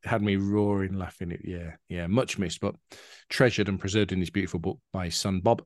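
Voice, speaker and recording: Chatty man, low voice. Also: fairly even intonation, fairly quick, no room sound, studio quality. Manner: chatty, reads jokes aloud with acted voices. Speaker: podcast co-host. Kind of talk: casual chat.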